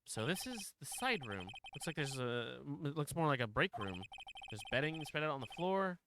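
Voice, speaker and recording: A man's voice: mid-range voice, big pitch swings, moderate pace, noisy background. A man streaming a story game, reading its text aloud with casual, swearing commentary.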